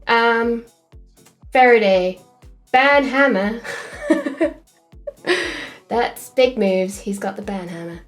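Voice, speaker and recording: A woman with an English accent mixing Essex and Midlands, chatting casually on a livestream while she works on animation, relaxed and hesitant with lots of ums. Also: on the high side, very slow, long pauses, faint music behind. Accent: English, a mix of Essex and Midlands. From England. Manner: relaxed and hesitant, with frequent ums and trailing phrases. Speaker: animator streaming her work.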